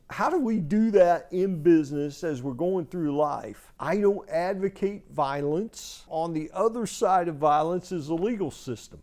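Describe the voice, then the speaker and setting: A man's voice: fairly high pitch, warm tone. A man hosting his own show, telling business anecdotes in a casual, plainspoken way. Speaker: host sharing business advice. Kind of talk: casual storytelling monologue. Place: outdoors in the desert.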